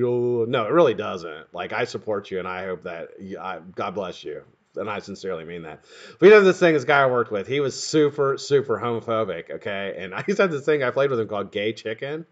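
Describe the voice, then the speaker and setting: A loud, excitable man hosting a live stream, his voice bright and bouncing up and down in pitch as he greets viewers by name. He swears freely and laughs at his own stories. The audio is dull and lo-fi. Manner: profane, excitable, laughing often, shouting names to greet viewers. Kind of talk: casual live-stream chat.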